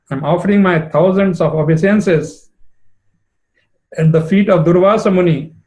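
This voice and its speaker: A man's voice: on the high side, a little mellow, close to an everyday voice, rough recording. A man voicing an old woman who begs for mercy and reproaches herself. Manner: begging, self-reproaching. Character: old mother-in-law woman, pleading, remorseful.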